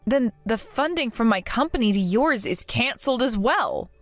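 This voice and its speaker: A woman's voice: a little high, expressive, normal speed, no echo, faint music behind, close to an everyday voice. A woman voicing a hurt but resolute young bride who speaks earnestly in a text-to-speech story. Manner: earnest, emotional.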